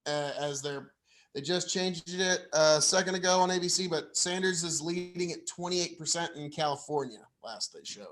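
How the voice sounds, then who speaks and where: A man's voice: on the high side, normal speed, fairly bright tone. Sarcastic riffing male co-host. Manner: sarcastic, riffing, lots of "like" fillers. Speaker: co-host of live stream commentary. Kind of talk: casual live commentary.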